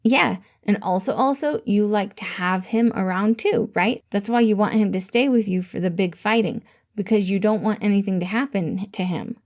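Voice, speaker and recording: A woman's voice: medium pitch, moderate pace, a little mellow, lightly acted. A woman voicing a cheerful, earnest little orphan boy with an eager, innocent way of talking. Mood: teasing.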